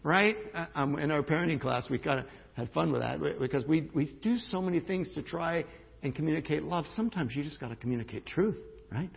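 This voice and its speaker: A man's voice: fairly high pitch, quick pace, creaky, husky. A male pastor preaching a sermon, telling a story in a conversational way with emphatic restarts. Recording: dull lo-fi sermon recording.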